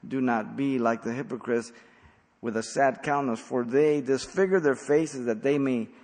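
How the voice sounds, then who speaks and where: A man preaching an expository sermon as pastor, blunt and emphatic, with sudden loud stresses. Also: mid-range voice, normal speed, in a large hall.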